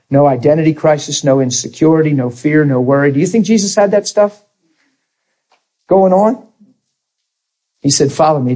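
A man's voice: on the high side, mellow. A man, preaching a sermon and telling a story while acting out the dialogue.

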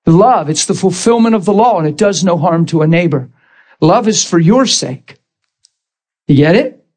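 A man with a notably high voice preaches with dramatic intensity. He retells a story in vivid bursts, leaning hard on key words. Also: animated, normal speed. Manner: emphatic, dramatic retelling with sudden loud bursts. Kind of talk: sermon storytelling.

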